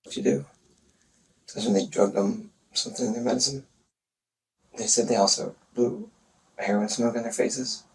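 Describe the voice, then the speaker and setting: A man recounting events in a police interview, speaking haltingly and hesitantly with many pauses. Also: mid-range voice, fairly even intonation. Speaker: murder suspect in a police interview. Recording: distant interview recording with faint noise.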